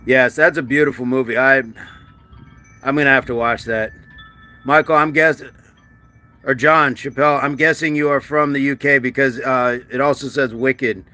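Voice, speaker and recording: Bright-voiced man chatting on a livestream. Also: medium pitch, steady tone. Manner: chatty and joking, with quick asides and restarts. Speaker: livestream host. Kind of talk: casual live-stream chat, reading comments aloud.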